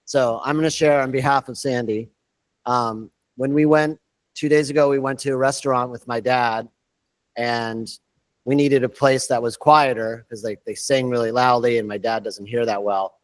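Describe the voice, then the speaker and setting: A man who is a student in an online class, telling a short story in a relaxed way. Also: mid-range voice, moderate pace, no room sound, low-quality recording.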